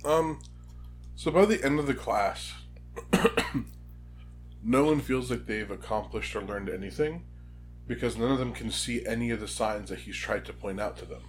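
A man co-hosts a casual book podcast and sums up a chapter in a relaxed way. His voice sits in a middle range and stays easygoing. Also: mid-range voice, unhurried, slight background noise. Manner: relaxed, summarizing. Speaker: podcast co-host.

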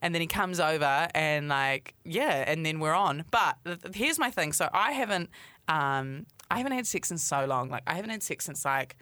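A woman's voice: low-pitched, expressive, moderate pace, bright, forceful tone, no room sound. A young woman, telling a dating story in casual chat, full of fillers. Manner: chatty storytelling, lots of fillers.

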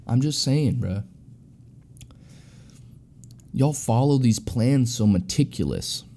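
A young man with a warm, relaxed tone and an ordinary middle pitch spins a casual story. His talk is slangy and profane, full of bro and dude. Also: measured pace. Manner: slangy, profane, animated, addresses listeners as bro.

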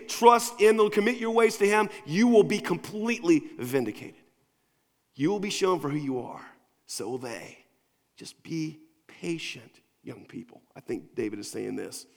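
Man preaching in a reverberant hall. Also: high voice. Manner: conversational preaching, swings between quiet and emphatic. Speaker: pastor. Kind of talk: sermon. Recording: long reverb of a large hall.

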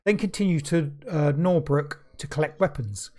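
Casting note: man in his podcast seat, somewhat high voice, reads history off notes and keeps breaking in with sweary jokes. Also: normal speed, mellow. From London. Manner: swearing, jokey asides while reading. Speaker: podcast co-host. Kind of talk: casual podcast chat, reading history notes.

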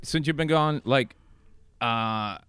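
A podcast host who jokes and tells stories with energy. His voice is smooth and clear at a middle pitch. The recording is dry and close. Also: slow, no echo. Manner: joking, animated storytelling. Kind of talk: casual chat. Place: comedy club.

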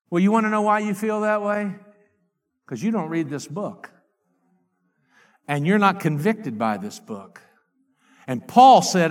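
A middle-aged man, preaching a fiery revival sermon that swings from shouted outbursts to low confiding asides. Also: lively intonation, normal speed. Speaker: evangelist.

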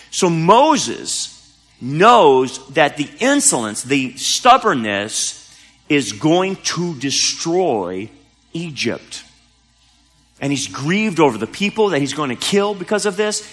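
A male pastor delivers a sermon in a conversational, earnest way, often restarting mid-sentence. His voice is bright and sits a little high, with lively swings in pitch. The sound carries a long church-hall reverb, with faint music underneath. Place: church sanctuary.

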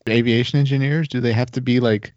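A man co-hosting a podcast in casual chat, talking in a relaxed, hesitant way with many fillers. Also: mid-range voice, fast, no room sound. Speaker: podcast co-host. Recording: dry, dull lo-fi audio.

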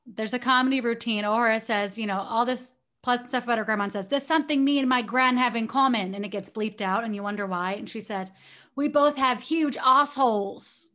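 A woman with a slightly high-pitched voice talks in a relaxed, casual chat. She tells gossipy stories with animated energy, as if catching up with a close friend. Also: fast talker, hardly any pauses. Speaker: podcast co-host.

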